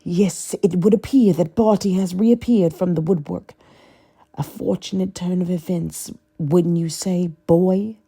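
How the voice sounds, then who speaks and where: Woman putting on a hissing, menacing dark lord. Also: steady tone, slow pace, creaky, breathy edge, full character voice. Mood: cold menacing. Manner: hissing, low cold menace. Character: cold sinister male dark lord.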